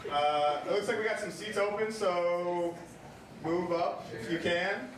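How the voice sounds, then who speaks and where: A man's voice: high voice, fairly even intonation, a little slow, very noisy. Male emcee, casual teasing banter, very echoey distant sound, audible crowd. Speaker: comedy show host. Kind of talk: emcee introducing acts. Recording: very echoey hall from far off with audience.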